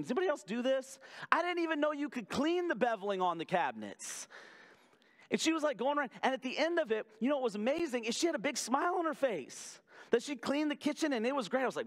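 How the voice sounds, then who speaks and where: Man, pastor preaching, high voice, chatty and animated, sarcastic asides, drawn-out emphasis. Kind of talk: sermon.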